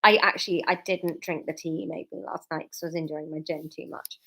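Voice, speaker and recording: A woman's voice: low voice, steady tone, brisk, gravelly, a bit bright. A woman a little tipsy from wine, talking in a loose, rambling, giggly way. She chats casually from home on a livestream and then reads her own story aloud. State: a bit tipsy. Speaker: comedian and author reading her serial story.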